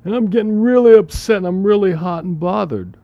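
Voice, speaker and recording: A man's voice: high voice, sing-song, brisk, creaky, no room sound, lo-fi sound, voice pushed up, exaggerated voice. A man acting out a fretful person who complains about the news in a whiny, exasperated voice.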